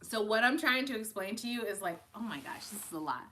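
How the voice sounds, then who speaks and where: A woman's voice: mid-range voice, sing-song, brisk, bright, forceful tone, slight background noise. A young woman giving casual, emotional tarot readings to viewers on a live stream, chatting and laughing as she goes.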